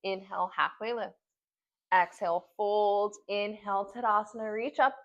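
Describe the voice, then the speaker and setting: A woman's voice: mid-range voice, steady tone, normal speed. Woman yoga teacher, breathless, short paced cues, home practice, muffled recording. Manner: short breath-paced instructions while doing the poses. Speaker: yoga instructor. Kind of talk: guided yoga class cues.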